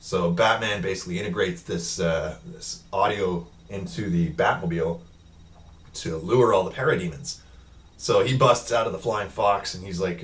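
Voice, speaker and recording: A man's voice: sits low, normal speed, a bit bright, distant mic. A man giving a casual, rambling film review recap, with lots of ums and uhs, quoting the characters in his own voice.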